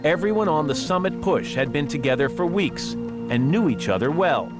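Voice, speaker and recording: A man narrating a news documentary in a measured, grave manner. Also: fairly high pitch, very animated. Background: music.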